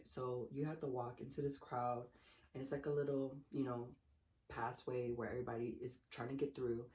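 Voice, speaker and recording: A young woman vlogger telling a story casually while eating, swearing a lot and acting out what people said. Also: extremely low pitch. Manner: profane, animated, acts out quotes.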